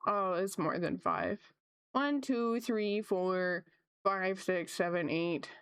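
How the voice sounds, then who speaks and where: Chatty woman streamer with a smooth, dry voice. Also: slow pace, dry recording. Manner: chatty and upbeat, laughs often, voice jumps high when excited. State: slight cough, sore throat coming on. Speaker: art streamer. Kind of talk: casual chat with live chat viewers.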